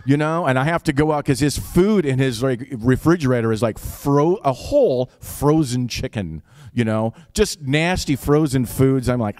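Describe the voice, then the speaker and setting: A man with an Upper Midwest accent tells a personal story live, casual, wry, and profane. His mid-range, slightly mellow voice has lively intonation and a moderate pace, recorded cleanly in a studio with no room sound.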